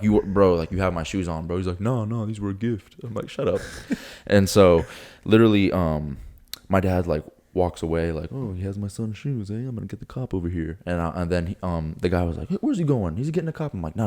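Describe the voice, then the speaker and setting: Young man, very deep voice, rapid talk, animated casual storytelling, swears a lot. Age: young adult. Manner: animated, swearing, acts out quotes. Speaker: podcast co-host.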